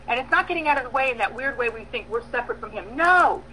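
A woman preaching a sermon, emphatic, with bursts of loud stress and soft pauses, acting out prayers and dialogue. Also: a little high, expressive, slight background noise, poor audio. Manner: acts out prayers and quoted dialogue.

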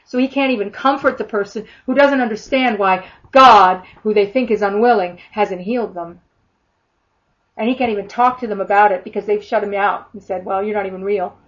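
A woman's voice: mid-range voice, normal speed. A woman preaching a sermon in a fervent, emphatic way, often acting out imagined prayers. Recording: dull lo-fi sound.

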